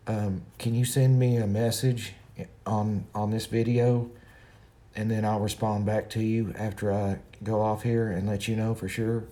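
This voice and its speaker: A man's voice: fairly low pitch, flat delivery, a little slow, warm tone. A middle-aged man from Kentucky with a Kentucky accent, chatting casually with viewers on his livestream in a folksy way. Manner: folksy, talks to viewers directly. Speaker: livestream host.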